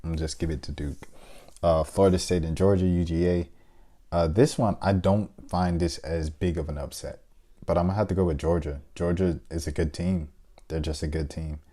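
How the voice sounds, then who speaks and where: A young man with a low, mellow voice chats casually as he fills out a basketball bracket. He thinks out loud, full of hesitant fillers and playful shout-outs. His delivery stays relaxed and conversational. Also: brisk. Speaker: sports video host. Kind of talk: casual bracket-picking chat.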